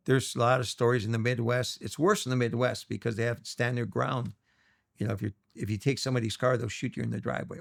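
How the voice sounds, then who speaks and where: Gravelly man telling street stories. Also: mid-range voice. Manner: animated storyteller, acts out quoted voices. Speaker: interview guest. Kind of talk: storytelling interview.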